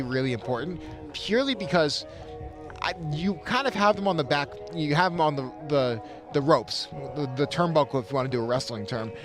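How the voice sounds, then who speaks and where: A young man from calling a high school baseball game in a loose, rambling way, often restarting his sentences. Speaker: play-by-play commentator. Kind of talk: casual sports commentary.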